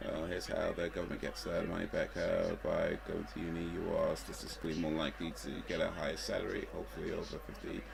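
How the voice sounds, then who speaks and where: Deep-voiced man chatting casually. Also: fast, gravelly, hardly any pauses, a crowd in the background. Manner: relaxed, rambling, chuckling asides. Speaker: livestreamer. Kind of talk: casual live watch-along chat.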